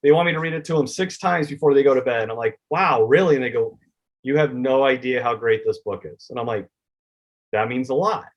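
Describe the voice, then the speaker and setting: A man with a mid-range voice, speaking a little fast, is interviewed as a children's book author. He tells heartfelt stories and acts out the conversations he quotes.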